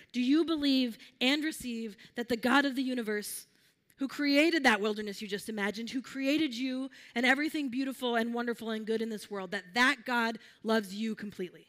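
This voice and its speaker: A woman with a slightly high voice delivers a sermon to her congregation. She talks in a gentle, earnest, conversational way, often restarting her sentences as she guides listeners through imagining a scene. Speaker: preacher.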